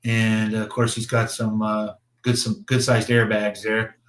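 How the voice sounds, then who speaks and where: A man's voice: fairly low pitch, monotone, unhurried, fairly bright tone. A man hosting a casual livestream, chatting about his model builds in a rambling way, with swearing and chuckles. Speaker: slot car builder and show host.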